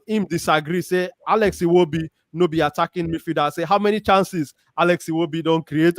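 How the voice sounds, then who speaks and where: Nigerian pidgin guy hosting a footy chat show, kinda high voice, reading comments and shouting people out, dry sound. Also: no room sound. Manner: lively, reads out viewer comments and gives shout-outs. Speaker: show host. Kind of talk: casual football chat show. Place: Warri, Nigeria.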